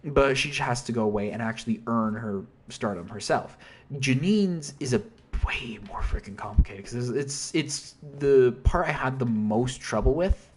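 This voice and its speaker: A man's voice: mid-range voice, animated, normal speed, slight background noise. A man casually explaining an album's story in a rambling, self-interrupting way, with mild slang. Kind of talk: casual commentary.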